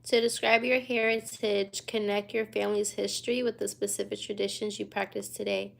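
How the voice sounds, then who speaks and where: A sleepy young woman in her twenties chats on a late-night livestream. Her voice has a gravelly, fry-heavy edge at an ordinary middle pitch. She reads out viewer questions and answers them in an easy, slangy drawl, yawning her way through. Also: flat delivery, fairly quick. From United States. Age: 20s. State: tired and yawning. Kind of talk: casual livestream chat. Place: hotel room at night.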